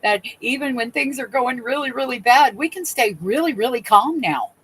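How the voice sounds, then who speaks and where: A woman's voice: on the high side, expressive, moderate pace, a bit bright, husky, rough recording. A woman guest on a video call, talking earnestly and reflectively about spiritual balance in a casual chat.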